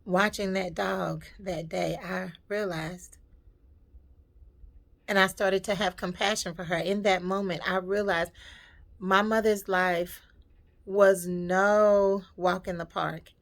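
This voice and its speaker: A woman's voice: medium pitch, steady tone, slow pace, creaky. A woman vlogger telling a personal story in a heartfelt, reflective and emotional way.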